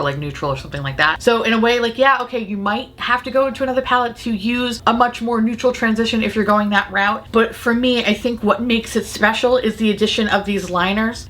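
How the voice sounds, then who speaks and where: A woman with a somewhat low voice hosts a casual makeup review vlog. She talks in a chatty, gushing way and swears freely as she raves about products. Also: fairly bright tone. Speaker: beauty vlogger host.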